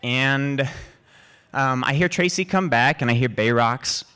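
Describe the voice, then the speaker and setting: A man telling a true personal story live on stage in a lively way. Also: medium pitch, measured pace, clear, resonant tone. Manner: lively, acts out quoted voices. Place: live stage before an audience.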